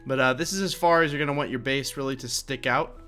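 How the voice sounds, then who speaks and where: A man's voice: medium pitch, quick pace, pushed and bright, soft background music. A young man narrating a game building tutorial in a rambling, chatty way, with lots of fillers and self-corrections. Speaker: Minecraft tutorial creator. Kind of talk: casual game tutorial voice-over.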